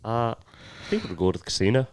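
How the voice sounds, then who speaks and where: A man putting on a low, mumbled mock Irish voice. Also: big pitch swings, quick pace, no room sound. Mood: goofy. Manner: low, mumbled, half-laughing.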